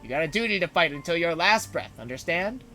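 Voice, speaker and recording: A man reading aloud, voicing a small, vulgar, fierce old grandmother with a gruff, scolding manner. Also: fairly high pitch, expressive, fairly quick, bright, forceful tone, soft background music. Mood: stern.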